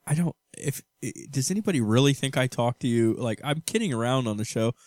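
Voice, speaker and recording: A man in his thirties bantering on a home podcast, teasing and argumentative in a goofy, joking way. His voice sits at an ordinary pitch, and the sound is close and dry with no room around it. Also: lively intonation, a little fast, a little mellow, no echo. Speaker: podcast co-host. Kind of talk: casual banter with his wife. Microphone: studio mic.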